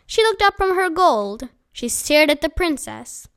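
A woman reading a children's book aloud as a storyteller, gentle and unhurried. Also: sits high, very animated.

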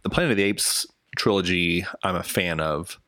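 A man co-hosting a casual film podcast, talking in a halting way with many restarts. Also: deep voice, sharp tone, no echo, studio quality. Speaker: podcast co-host.

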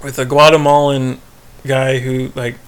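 A man's voice: mid-range voice, level tone, unhurried, a crowd in the background. A man co-hosting a podcast, chatting casually as he recaps a TV episode, rambling, laughing and acting out quoted lines. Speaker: podcast co-host.

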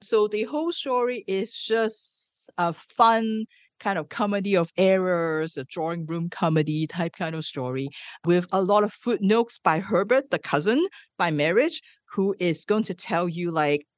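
A woman's voice: lowish voice, unhurried, dry recording. Chatty woman retelling a book. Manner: chatty, many fillers of "like". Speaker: book reviewer.

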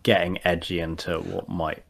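A man's voice: low-pitched, flat delivery, normal speed, vocal fry, fairly bright tone. A man chatting casually about tabletop games, hesitant and full of fillers and restarts. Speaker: podcast guest.

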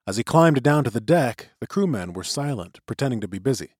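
A male narrator reading a novel with a lively, rising and falling delivery. His voice is mid-pitched and recorded dry, close to the mic. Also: fairly quick, dry recording. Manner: expressive storytelling. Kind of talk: audiobook narration.

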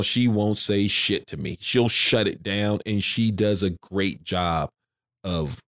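A man's voice: lowish voice, slow pace, bright, forceful tone. A man who is a father of three, talking frankly and emphatically in a casual podcast conversation, repeating his phrases as he goes.

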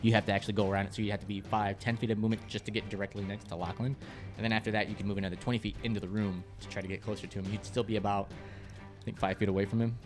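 A man's voice: lowish voice, flat delivery, racing, over music. A man narrating a tabletop game as game master, patiently explaining rules and laughing often.

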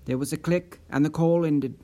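A man narrating an unabridged audiobook in a measured, expressive storytelling manner. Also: a little high. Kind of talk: scripted narration.

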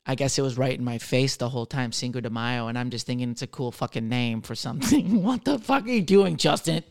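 Man, 30s, comedian hosting a podcast; smooth, clear voice, swears a lot, rambles in a jokey way. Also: mid-range voice, animated, brisk. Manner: profane, jokey, rambling, jumping between loud and mumbled. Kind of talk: casual rambling monologue.

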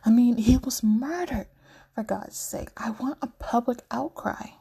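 A woman voicing a grieving, angry teenage werewolf boy in a storybook reading, speaking quietly and bitterly. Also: fairly high pitch, a little slow, vocal fry, slightly rough, voice pushed up, heavily acted.

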